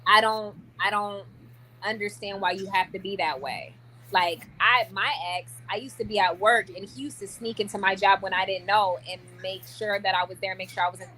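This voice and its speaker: Chatty, bright-voiced young woman vlogger. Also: medium pitch, a little hiss or hum. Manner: chatty and animated, many likes and restarts. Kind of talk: casual chat to camera.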